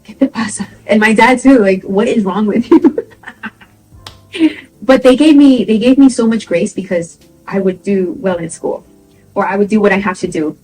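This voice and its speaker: A young woman talks casually to camera, sharing a personal story in a chatty, animated way. She laughs often and slips into quick impressions of people. Her voice sits at a middle pitch, with soft music playing faintly behind her. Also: poor audio. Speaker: vlogger.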